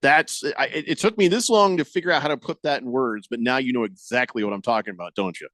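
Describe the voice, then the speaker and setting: A man's voice: medium pitch, fast, fairly bright tone, no echo, studio quality. A male sports radio host with a wry, joking way of telling stories, reading out listener messages on air.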